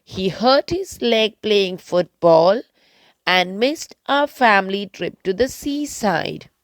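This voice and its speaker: A woman's voice: medium pitch, animated, slow, dry recording. A woman voicing a kindly, cheerful toy skittle mother in a storybook.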